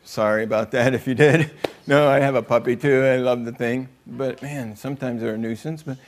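A man's voice: mid-range voice, fairly even intonation, normal speed. A man preaching a conversational sermon, joking with the room and acting out quotes in other voices. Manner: joking, chatty, acts out quotes.

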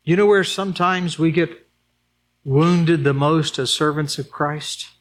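Male pastor, sermon delivery, higher-pitched voice, rhetorical questions, emphatic swings from urgent to hushed. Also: unhurried. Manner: emphatic, rising to high urgent peaks then dropping low and quiet; addresses the congregation with rhetorical questions.

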